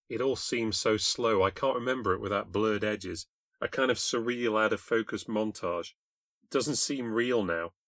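A man's voice: on the low side, fairly bright tone, no room sound. A man with a British accent narrating a first-person ghost story in a wry, confessional, scripted manner. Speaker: podcast host and narrator.

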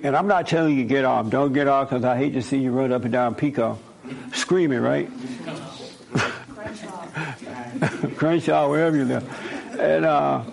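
A man's voice: on the high side, vocal fry, a little mellow. A man giving an informal spoken sermon in a conversational way, repeating his points and often checking in with "right?". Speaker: preacher.

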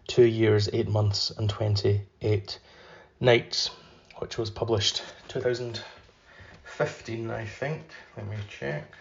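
Male podcast host doing an unhurried literary reading, mid-pitched voice, roomy and slightly muffled recording. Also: vocal fry. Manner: measured, unhurried reading; loose and filler-heavy when chatting.

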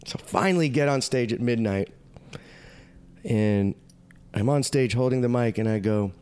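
Profane, animated male storyteller. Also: medium pitch, measured pace, smooth. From United States. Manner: animated, profane, acts out quoted voices. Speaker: podcast guest. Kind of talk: casual storytelling.

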